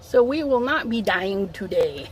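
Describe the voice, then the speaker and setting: A woman's voice: mid-range voice, lively intonation, a little slow, slight background noise. A middle-aged woman hosting a casual craft livestream from home on her phone, chatting while she sets up and reading out viewer comments, a bit sniffly from allergies. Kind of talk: casual live-stream chat.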